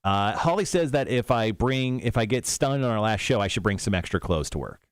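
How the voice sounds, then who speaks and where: A man's voice: on the low side, lively intonation, brisk, clear, resonant tone, no room sound, studio quality. A man hosting a morning radio show, running a quiz and joking, often laughing at his own bits. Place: radio studio.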